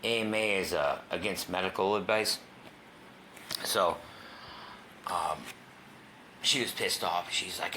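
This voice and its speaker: Speaking at a moderate pace, this man has a fairly low, expressive voice with a sharp edge, and there's slight noise behind him. He's a guest telling his own recovery story openly and profanely, casual throughout, and he drops to a whisper when things get tense.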